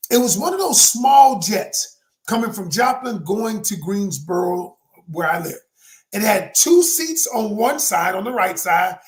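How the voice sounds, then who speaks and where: A man, a relationship coach telling a personal story in a dramatic, emphatic motivational talk that speaks straight to the audience. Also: high voice.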